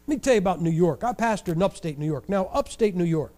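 An older man from Ohio preaching a sermon, telling stories in an animated, joking way with wry sarcasm. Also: high-pitched, quick pace. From Ohio, USA. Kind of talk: storytelling sermon.

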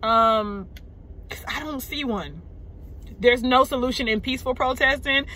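Sitting in a car parked in a parking lot, an upset, shaken woman vlogger vents emotionally and unscripted to the camera. Her high voice is bright and forceful, and she halts, sighs, and repeats words as she speaks.

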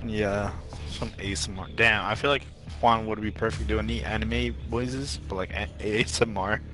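A man's voice: fairly low pitch, fairly even intonation, normal speed, sharp tone, faint music behind. Profane teasing young man gaming. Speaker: gamer. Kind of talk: casual gaming banter.

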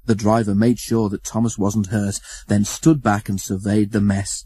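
A man reading a children's storybook aloud, expressive and acting out the story. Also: fairly low pitch, moderate pace, hardly any pauses, breathy edge. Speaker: narrator.

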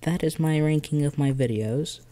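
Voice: medium pitch, moderate pace, warm tone. A video creator chatting casually about their own videos, rambling and giddy with frequent restarts and laughs, while having a headache. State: has a headache. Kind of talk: casual vlog commentary.

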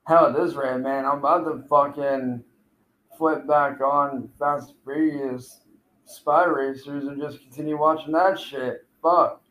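A man streaming live profanely taunts a rival who keeps failing to appear, calling him out. His fairly high voice is steady, unhurried, and a bit bright, captured in a rough, reverberant recording.

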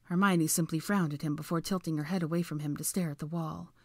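A woman reading fan fiction aloud as audiobook narration. Her voice sits low and she reads in a measured, even way. The recording is dry and close. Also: dry recording.

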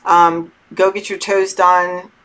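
A middle-aged woman giving casual spiritual advice to her viewers, talking slowly and candidly with many fillers and some swearing. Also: fairly low pitch, little pitch movement, fairly bright tone. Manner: candid, loose and swears freely; slow, meandering talk with many fillers. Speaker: tarot channel host.

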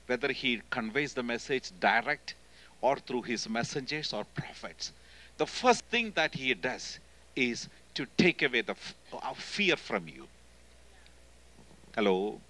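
A man with an Indian accent preaching a sermon in church as a guest speaker, emphatic and swinging between loud and hushed delivery. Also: medium pitch, poor audio. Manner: emphatic, often calling "hello?" to the congregation.

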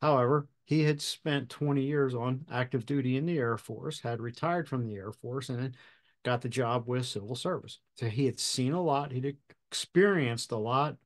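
A man hosting a podcast, telling a fire service story in a measured, deliberate way with pauses. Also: mid-range voice. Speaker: podcast host and fire officer instructor. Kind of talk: storytelling anecdote.

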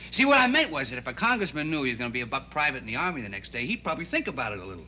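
A young actor playing an earnest, idealistic teenage boy in a 1960s TV drama. He talks in a halting, rambling way full of restarts. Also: medium pitch, big pitch swings, pushed and bright, a little hiss or hum.

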